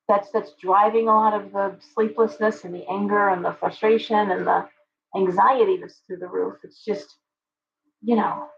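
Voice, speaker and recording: A woman hosting a live stream speaks straight to her chat, ranting with strong opinions. Her middle-pitched voice carries vocal fry, and the audio sounds dull and lo-fi.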